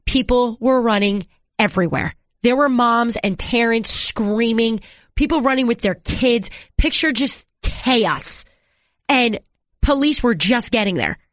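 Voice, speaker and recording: A woman in her thirties, a TV sports anchor, telling stories in a casual interview and acting out quotes with jumps in pitch. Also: lively intonation, unhurried, no room sound, studio quality. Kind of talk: conversational storytelling.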